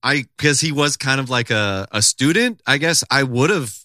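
A man's voice: lively intonation, moderate pace, sharp tone, no room sound, clean studio sound. A young man co-hosting a podcast in casual chat, joking and slipping into silly voices. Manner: jokey, puts on silly high voices. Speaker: podcast co-host.

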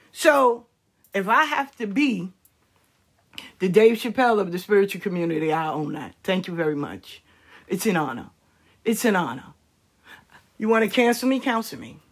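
On a live stream, a woman speaking as a spiritual practitioner is heated, profane and confrontational. She swings between shouting and low, pointed asides.

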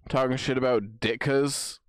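A man's voice: mid-range voice, steady tone, moderate pace, dry recording. A young man co-hosting a podcast, playful in casual chat, slipping into silly sing-song bits. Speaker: podcast co-host.

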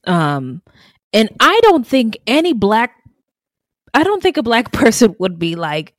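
A woman's voice: fairly high pitch, very animated, unhurried, no room sound. A woman co-hosting a true crime podcast, chatting casually with blunt asides and frequent laughter. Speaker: podcast co-host.

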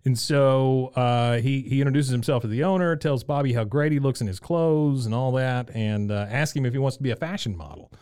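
A man's voice: brisk, few pauses, darkish tone, smooth, no echo, clean studio sound. A man co-hosting a podcast, casually recapping an episode, laughing often and acting out lines in raised voices. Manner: laughs often, acts out quotes in higher voices. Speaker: podcast co-host.

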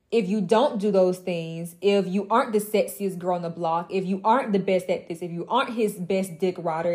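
A woman's voice: mid-range voice, a little mellow. A young woman mentoring other women in an impassioned motivational monologue, emphatic and blunt, with profane, mocking asides.

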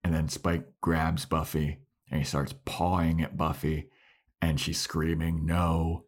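A man's voice: very deep voice, flat delivery, a little slow. A man co-hosting a podcast, casually retelling scenes and acting out the characters' lines. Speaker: podcast co-host. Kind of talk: casual recap chat.

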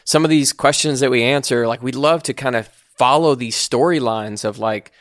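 A man's voice: medium pitch, fairly bright tone, dry recording, studio quality. Earnest man giving faith advice. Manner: earnest, reflective, slow and searching. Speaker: podcast co-host. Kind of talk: casual faith advice chat.

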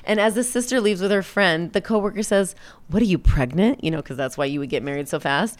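A young woman co-hosting a podcast, retelling a movie scene by scene and acting out the characters' lines in quick voices. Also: lowish voice. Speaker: podcast co-host recapping a movie. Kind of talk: casual chat.

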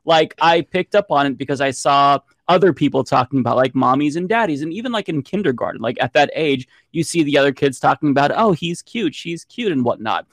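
A man's voice: mid-range voice, fast, hardly any pauses, no room sound, studio quality. A man on a political panel, telling a personal story in a chatty way. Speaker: panel commentator. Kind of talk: casual personal anecdote.

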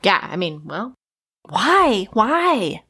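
A woman's voice: mid-range voice, big pitch swings, drawn-out words, bright, forceful tone, slightly rough. A woman co-hosting a podcast, reacting to the story in casual chat with blunt quips. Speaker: podcast co-host.

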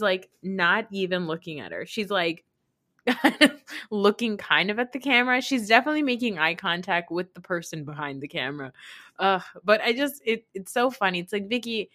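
A woman's voice: medium pitch, a bit bright. A woman hosting a podcast in casual chat, chatty and sarcastic, often laughing. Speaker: podcast host.

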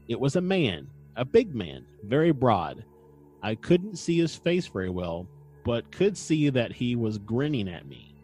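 A man co-hosting a casual podcast chat, relaxed and digressive, often pausing with ums and clearing his throat. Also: mid-range voice. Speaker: podcast co-host. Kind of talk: casual chat about paranormal lore.

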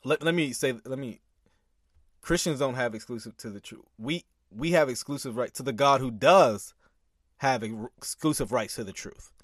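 A man's voice: medium pitch, normal speed, no echo, clean studio sound. A man commentating on a sermon clip, reading scripture and arguing back with emphatic repeats and laughter.

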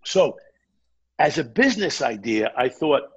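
Gravelly-voiced man telling a story. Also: medium pitch, unhurried, lo-fi sound. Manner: animated anecdote-telling, acts out quoted dialogue. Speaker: interview guest. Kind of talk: casual storytelling.

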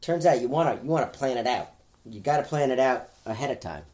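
A man with a mid-range voice co-hosts a podcast and talks in a relaxed, easygoing way. He chats back and forth with the host. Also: medium pitch, fast talker. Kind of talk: casual podcast chat.

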